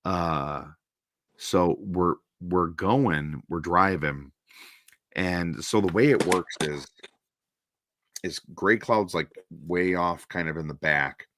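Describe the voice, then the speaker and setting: A Minnesota man hosts a stream, telling a long, rambling anecdote in a low voice at a slow pace, and pausing to act out the people in it with quoted voices. The recording has no room sound.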